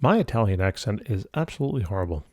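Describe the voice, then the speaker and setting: A man's voice: on the low side, very animated, quick pace, a little mellow, dry recording. Casual man explaining math, dry sound. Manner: casual, upbeat explaining with playful asides. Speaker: math tutor. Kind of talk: step-by-step math lesson.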